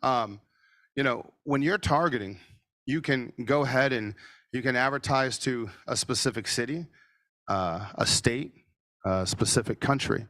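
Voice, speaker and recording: A man presenting a marketing masterclass over a video call, animated and sometimes nearly shouting for emphasis. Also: mid-range voice, a little slow, no room sound, clean studio sound. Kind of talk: energetic webinar teaching. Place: office studio.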